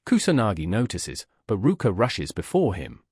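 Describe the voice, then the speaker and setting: Guy narrating a manhwa recap, husky voice, lively pitch, dry close sound. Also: moderate pace, no room sound. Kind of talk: scripted narration of a comic story.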